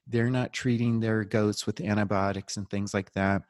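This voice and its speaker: Lively storytelling man with a low voice. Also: moderate pace, dry recording, studio quality. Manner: animated storyteller, jokes and laughs, acts out quotes. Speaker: podcast guest, documentary filmmaker. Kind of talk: casual storytelling interview.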